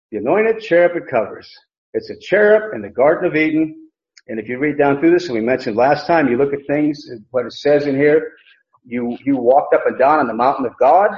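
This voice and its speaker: A man's voice: a little high, a little mellow. Emphatic male Bible teacher, echoey room. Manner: emphatic, repeats key phrases, frequent restarts. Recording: echoey room, dull lo-fi sound.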